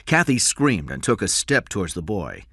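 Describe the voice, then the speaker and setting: A man narrates a story aloud in a steady reading voice. His tone is bright and crisp, with pitch that moves widely, and the recording is close and completely dry. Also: normal speed, dry recording.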